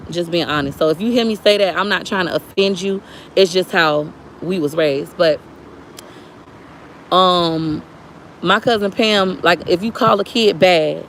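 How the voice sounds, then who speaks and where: A woman's voice: fairly low pitch, a little hiss or hum. A woman speaking straight to viewers in a casual, preachy livestream chat. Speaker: livestream vlogger.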